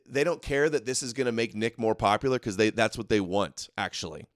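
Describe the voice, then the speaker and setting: A man's voice: lowish voice, a little fast, no room sound, clean studio sound. A man hosting a live political commentary show, talking in a combative, mocking way and arguing with viewers in the chat. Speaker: host.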